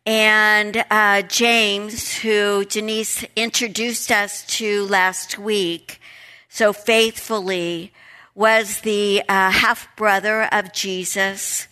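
A middle-aged woman teaches a Bible study in a slow, deliberate delivery. Her voice is bright and forward. She leans on key words, often repeating them for emphasis. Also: mid-range voice, level tone, clear, resonant tone. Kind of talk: Bible study lesson with prayer and scripture reading.

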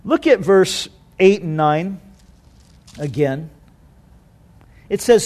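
High-voiced man preaching a conversational sermon. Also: very animated, takes it slowly, pauses often, a little mellow. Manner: conversational preaching with acted-out quotes. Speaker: pastor.

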